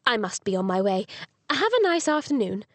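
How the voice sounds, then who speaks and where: A woman's voice: on the high side, sing-song, fairly quick, no room sound. A woman voicing a spirited young Victorian lady mystery author with refined, polite diction.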